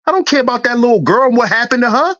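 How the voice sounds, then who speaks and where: Very fast and very high-pitched, the man's voice has lively intonation and a bit of brightness, though the audio sounds dull. He's a livestream host delivering a heated, preachy, profane rant, repeating lines for emphasis.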